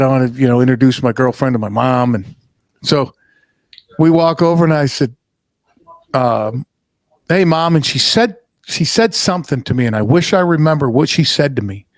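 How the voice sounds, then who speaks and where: A middle-aged man hosting a podcast, telling a story in casual chat, animated and swearing freely. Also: medium pitch, moderate pace, creaky, no echo. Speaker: podcast host.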